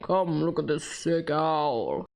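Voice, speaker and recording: A woman doing a low, slow, threatening impression of a menacing male movie villain. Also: vocal fry, darkish tone, exaggerated voice.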